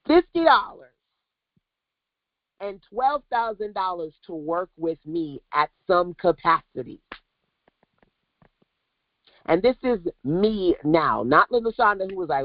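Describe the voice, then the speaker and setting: A woman business coach on a livestream, talking in an animated, preachy way straight to her viewers. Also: on the low side, dry recording, dull audio.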